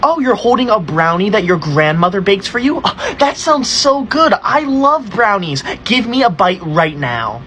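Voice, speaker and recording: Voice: mid-range voice, very animated, normal speed, few pauses, bright, forceful tone, a little hiss or hum. A performer playing an entitled, bossy schoolkid in a comedy skit, talking in a haughty, scolding, mock-formal way. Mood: greedy, bratty. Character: bossy entitled schoolkid who bullies classmates. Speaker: content creator.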